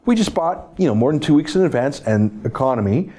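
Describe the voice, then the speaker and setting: A man's voice: mid-range voice, lively intonation, fairly quick, dark tone. A man hosting a political talk show, talking in an emphatic, exclamatory way. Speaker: host.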